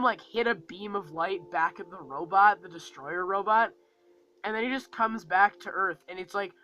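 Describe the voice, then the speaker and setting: A man's voice: sits high, pushed and bright, rough recording. A man giving a casual, rambling movie review, full of fillers and acting out lines from the film.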